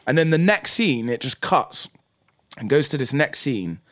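A young man chatting casually and telling a story in a sweary, animated way. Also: medium pitch, normal speed, no echo, clean studio sound. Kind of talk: casual chat.

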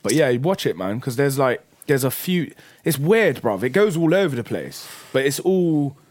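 A young man chatting casually and telling a story in a sweary, animated way. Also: mid-range voice, normal speed, dry recording. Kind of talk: casual chat.

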